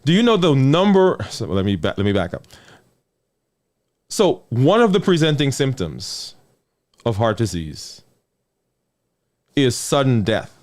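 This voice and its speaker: This is a man in the role of a doctor chatting about health, unhurried and pausing often. His animated pitch regularly sinks low and soft on key words, and he repeatedly checks in with the listener, restating phrases for emphasis.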